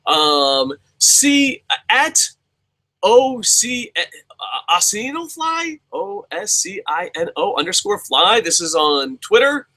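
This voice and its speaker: A man hosts a live-streamed show, talking casually off the cuff. His voice sits somewhat high and sounds very bright and forceful. He rambles, swears freely and jokes at his own expense. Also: big pitch swings, takes it slowly, rough recording. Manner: profane, rambling, self-mocking. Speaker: show host.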